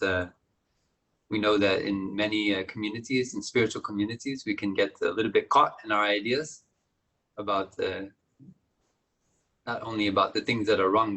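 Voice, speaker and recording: A man, a monastic teacher, giving a gentle, reflective dharma talk with many pauses and soft laughs. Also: fairly low pitch, poor audio.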